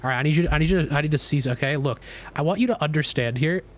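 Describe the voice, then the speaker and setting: A man streaming live, chatting casually while gaming, boastful and excitable, swearing freely. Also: a little high, rapid-fire.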